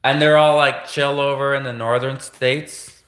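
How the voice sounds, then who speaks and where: Slow, bright-voiced rambling Canadian man. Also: mid-range voice, level tone. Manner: rambling, hesitant, laughs at his own jokes. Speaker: livestream host. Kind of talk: casual livestream monologue.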